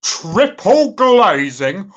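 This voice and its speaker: A nervous, weedy accountant, as a woman puts him on, stammers through a comic phone monologue. His voice sits a little lower than hers and moves in lively swings. He talks slowly and fawns over his boss. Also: dull audio, full character voice. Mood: grumpy. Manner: stammering and fawning.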